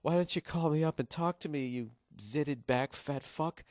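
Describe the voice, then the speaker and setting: Parody voice: late-night chat-line woman, mock-sultry, raised pitch, performed by a man. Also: normal speed, darkish tone, no room sound, studio quality, close to an everyday voice. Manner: mock-seductive, then crude.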